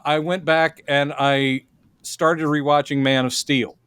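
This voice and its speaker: A man hosting a casual podcast chat, opinionated and animated as he tells stories, on a close podcast mic. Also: fairly high pitch, slow pace, clear, resonant tone, no room sound. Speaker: podcast host.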